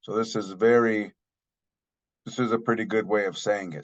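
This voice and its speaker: A man's voice: fairly low pitch, normal speed. A man teaching a language lesson, carefully saying each phrase twice and then explaining it. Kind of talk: slow spoken language lesson. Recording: dull lo-fi sound.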